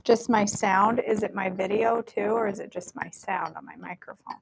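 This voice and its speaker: A woman's voice: mid-range voice, normal speed, gravelly, very noisy. A woman hosting a casual live cooking stream from her home kitchen, chatty and self-deprecating while she fiddles with her mic, over warbly, staticky audio.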